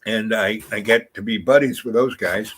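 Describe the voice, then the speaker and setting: A man's voice: on the low side, fairly even intonation, moderate pace, fairly bright tone, breathy edge, low-quality recording. A man hosting a vlog, telling a meandering personal story with lots of fillers and restarts. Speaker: vlog host.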